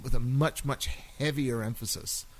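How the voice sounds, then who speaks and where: A man's voice: medium pitch, fairly even intonation, moderate pace, a little hiss or hum, poor audio. A man co-hosting a casual chat podcast, rambling and laughing often as he talks. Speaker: podcast co-host.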